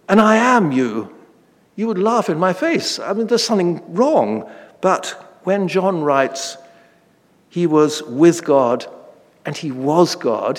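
A man in his late fifties preaching a sermon, earnest and deliberate, slowing down on key phrases and lifting his voice when reading scripture. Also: a little high, in a large hall. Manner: reads scripture aloud with rising emphasis.

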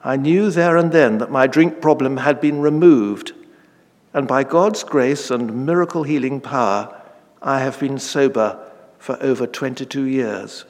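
A man in his late fifties preaching a sermon, earnest and deliberate, slowing down on key phrases and lifting his voice when reading scripture. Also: medium pitch, darkish tone, long reverb tail. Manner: reads scripture aloud with rising emphasis.

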